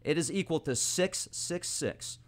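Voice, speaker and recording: A man hosting an informal monologue, talking animatedly and excitably, speeding up and slowing down as he goes. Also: fairly high pitch. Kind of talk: casual esoteric monologue.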